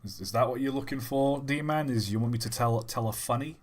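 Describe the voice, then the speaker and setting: A man hosting a livestream, chatting loosely and telling an old-school joke. He rambles, doubles back and restarts his words, at an ordinary pitch for a man. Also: brisk. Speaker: livestream host. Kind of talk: casual stream chat and joke telling.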